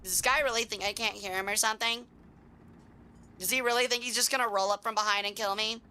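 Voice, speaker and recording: A young woman streaming a tank game, chatting with viewers and swearing excitedly as she plays. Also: on the high side, fast talker, a little hiss or hum. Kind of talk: casual live gameplay commentary.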